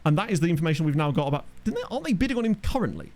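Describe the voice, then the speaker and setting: Chatty streamer man with lively pitch. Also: very fast, a little hiss or hum. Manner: rambling, jokey, reacts to chat. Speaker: streamer playing a football management game. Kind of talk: casual live-stream commentary. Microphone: desk microphone.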